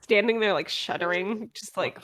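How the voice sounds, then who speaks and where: A woman's voice: mid-range voice, normal speed, fairly bright tone. A woman playing in a tabletop game, describing her character's actions in chatty, "like"-filled talk. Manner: chatty, heavy use of "like". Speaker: player. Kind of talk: casual role-play talk.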